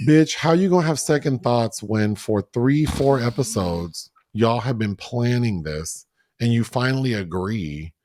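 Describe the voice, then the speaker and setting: A man co-hosting a podcast recaps a TV drama in casual, profane chat, acting out the scenes with animated gusto. He has a medium-pitched voice and a measured pace, with slight background noise.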